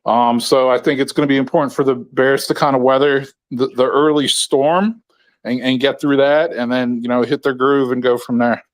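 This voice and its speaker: A man's voice: medium pitch, steady tone, normal speed. A man giving casual sports analysis on a podcast, thoughtful and hedging with fillers.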